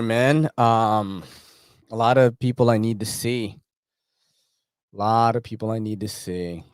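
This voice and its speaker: A man's voice: mid-range voice, no room sound, studio quality. A man vlogging about knives in a rambling casual chat, full of slang and frequent swearing. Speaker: knife vlogger.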